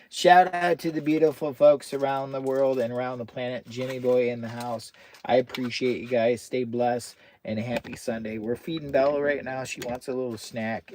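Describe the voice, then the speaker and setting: A man's voice: medium pitch, a little mellow, a little hiss or hum. An American man chatting casually on a camping livestream from inside a hot tent, often talking baby talk to his dog. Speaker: camping vlogger.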